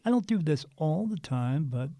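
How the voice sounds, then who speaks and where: A man in his fifties, a spiritual medium guest, telling a story in an earnest, animated way with frequent restarts. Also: on the high side, normal speed, no echo. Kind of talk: casual storytelling interview.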